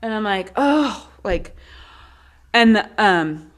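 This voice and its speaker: A woman's voice: medium pitch, animated, extremely slow. A woman co-hosting a podcast, chatting in a rambling, candid way, full of "like" and quoting her own thoughts. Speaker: podcast co-host. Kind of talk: casual chat.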